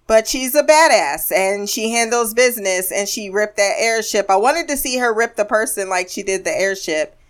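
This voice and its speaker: Sarcastic woman podcast host, higher voice. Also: fairly bright tone, clear, resonant tone. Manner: sarcastic, laughs often, acts out quotes. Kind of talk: casual solo episode review.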